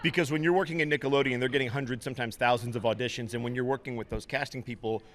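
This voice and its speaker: Guy in his 30s talking fast in an interview, loose and chatty. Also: medium pitch. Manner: fast, lively storytelling. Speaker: voice actor guest. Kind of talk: casual interview chat.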